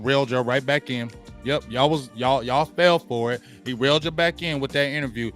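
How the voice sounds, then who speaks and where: A man's voice: medium pitch, normal speed, few pauses, fairly bright tone, faint music behind. A man hosting a sports talk show, giving blunt, slangy opinions and repeating points for emphasis.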